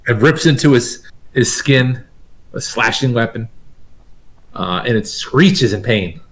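A man's voice: mid-range voice, lively intonation, takes it slowly, fairly bright tone, low-quality recording. A man acting as game master, narrating the fight and working through the rules aloud with his players.

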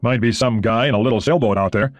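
A male audiobook narrator reading the lines of a practical American submarine commander, brisk and matter-of-fact. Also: medium pitch, no echo, lightly acted.

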